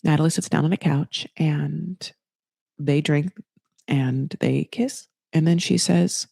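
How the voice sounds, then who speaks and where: A woman's voice: low voice, fairly even intonation, slow pace, vocal fry, dark tone, slightly rough, dry recording. A woman hosting a podcast, recapping a reality TV show in a chatty, sarcastic, freely swearing way with plenty of fillers. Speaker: podcast host.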